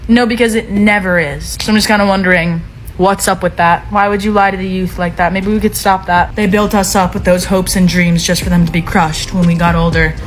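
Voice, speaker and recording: A woman's voice: fairly low pitch, little pitch movement, brisk, poor audio. A woman tells a comedic story about herself in a wry, self-mocking tone. She acts out her own quoted lines as she goes, in a conversational delivery.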